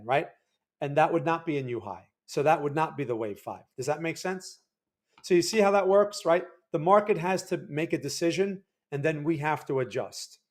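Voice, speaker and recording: A man hosting a livestream, casually talking through market charts and checking in with viewers. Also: on the high side. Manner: loose, conversational, keeps checking in with viewers. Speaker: livestream market analyst host.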